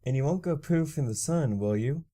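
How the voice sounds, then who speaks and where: A man's voice: on the high side, animated, normal speed, mellow, voice pushed up. A man voicing a prim young mare, teasing and curious. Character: young female pony, prim upper-class musician.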